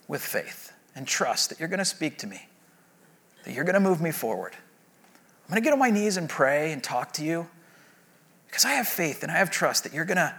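A man's voice: fairly high pitch, a bit bright. Man preaching a conversational sermon. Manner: conversational, acts out prayers and God's replies. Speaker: guest preacher. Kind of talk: sermon with closing prayer. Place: church sanctuary.

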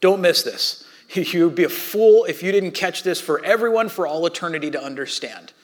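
A man preaching a sermon in a conversational way, swinging between loud and hushed. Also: on the high side, moderate pace. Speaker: pastor.

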